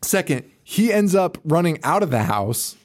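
A man's voice: on the high side, sing-song, moderate pace. A man co-hosting a podcast in casual chat, rambling through a story with lots of swearing and frequent laughter. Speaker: podcast co-host.

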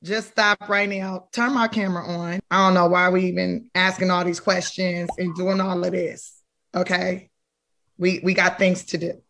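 Brisk woman announcing good news. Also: fairly low pitch, little pitch movement, gravelly, fairly bright tone. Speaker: board member announcing results. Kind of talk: lively celebration announcement.

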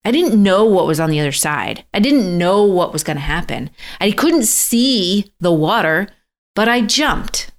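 A middle-aged woman hosting a podcast, telling a personal story casually and animatedly, acting out the voices of people she quotes. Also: medium pitch. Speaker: podcast host.

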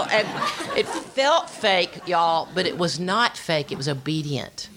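A woman's voice: deep voice, normal speed, noisy background. A middle-aged woman telling a personal faith testimony, acting out quotes as she goes. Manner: animated storytelling with voiced quotes. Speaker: speaker sharing testimony.

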